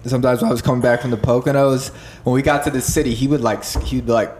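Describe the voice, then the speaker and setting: A man's voice: medium pitch, fairly even intonation, quick pace, a little mellow, slight background noise. A young man, hosting a podcast and telling a loose, profane story in casual chat. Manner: loose storyteller, swearing, laughing. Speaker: podcast host.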